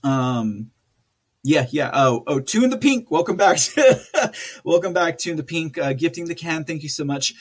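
A chatty man with a slightly high voice, reading out live chat on his stream. He rambles, restarts his sentences and laughs often as he goes. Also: animated, moderate pace, slightly rough.

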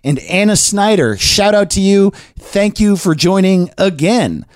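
A man hosts his own podcast in a rambling, self-deprecating monologue. His pitch swings widely as he talks. The sound is close and dry, with no room around it. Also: lively intonation, a little slow, no room sound. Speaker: podcast host. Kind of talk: casual monologue and chat.

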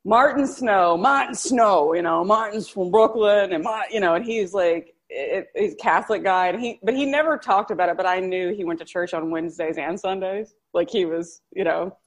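A woman's voice: mid-range voice, moderate pace, few pauses. A woman in a casual comedy chat, telling wry anecdotes with frequent laughs.

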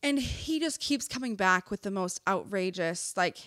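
A young woman recounts a run-in in casual podcast chat, her speech animated and studded with "like" and cheerful swearing. Her voice sits at an ordinary middle pitch. The close mic is dry, with no room sound. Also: normal speed, no echo. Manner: animated, filler-heavy with constant "like", swears freely. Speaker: podcast co-host. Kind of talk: casual chat, telling a story.

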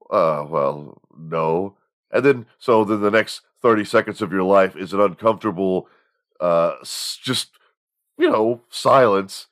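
A man's voice: on the low side, a bit bright. A man in his forties hosting a show, telling stories in a casual, profane, rambling monologue with frequent laughter. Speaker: podcast host.

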